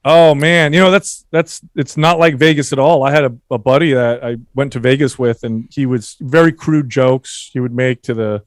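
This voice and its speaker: A man who works as a fitness trainer, guesting on a podcast and telling a relaxed anecdote, often repeating words as he goes. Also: mid-range voice, normal speed, hardly any pauses, no echo, studio quality. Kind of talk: casual chat.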